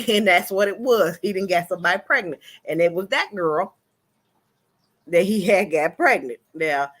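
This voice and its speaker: A woman talks through celebrity gossip on her own channel in a loose, chatty way. Her delivery is animated and colloquial, with frequent laughter between points. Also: on the low side, normal speed. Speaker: commentary vlogger. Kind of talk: casual gossip commentary.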